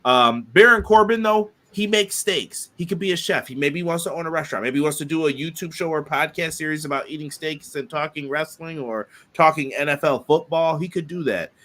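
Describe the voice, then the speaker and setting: A man's voice: on the high side, brisk, few pauses, sharp tone. A man co-hosting a casual podcast, chatting loosely and reading viewer comments aloud. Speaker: podcast co-host.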